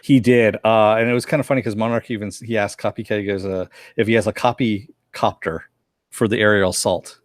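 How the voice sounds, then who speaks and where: A man with a fairly low voice talks through a cartoon episode scene by scene in a relaxed chat. He keeps slipping into quick impressions of the characters' lines. The sound is dry and close, with no room around it. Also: dry recording. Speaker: podcast co-host reviewing a cartoon episode. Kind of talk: casual recap chat.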